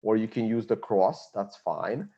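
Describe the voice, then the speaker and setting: A man's voice: lowish voice, unhurried, muffled recording. A man giving blunt, confident market analysis, thinking aloud as he walks through a chart. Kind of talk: screen-share chart analysis.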